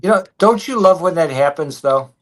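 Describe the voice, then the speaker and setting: A man, a hypnotherapist and reader, talking in a relaxed storytelling way on a livestream. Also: a little high, moderate pace. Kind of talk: casual livestream chat.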